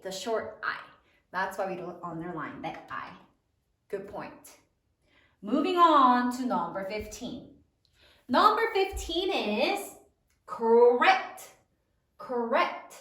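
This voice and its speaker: Slow, lively high-voiced woman teacher. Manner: slow, clearly enunciated word dictation. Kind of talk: spelling lesson dictation. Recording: roomy, from a distance.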